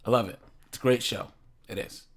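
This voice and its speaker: A man's voice: mid-range voice, steady tone, a little fast, husky. A man hosting a reaction channel, chatting casually and rambling, repeating words and laughing often.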